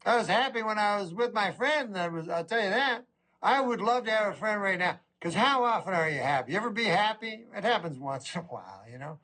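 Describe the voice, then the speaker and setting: Deadpan middle-aged male stand-up comic. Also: high voice, fairly quick. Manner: deadpan, rambling delivery. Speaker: stand-up comedian. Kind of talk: stand-up comedy routine.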